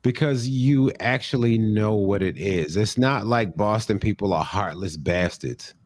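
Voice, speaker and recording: A man's voice: on the low side, unhurried, slight background noise. A young man co-hosting a comedy podcast, talking casually with profanity and jokey mock rants. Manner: profane, joking, slips into loud mock rants. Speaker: podcast co-host.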